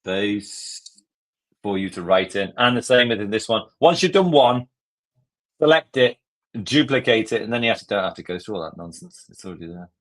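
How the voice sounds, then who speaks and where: A man hosting a live software lesson, walking through steps in a chatty, joking way. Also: lowish voice, animated, moderate pace. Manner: chatty, jokey, step-by-step. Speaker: tutorial host.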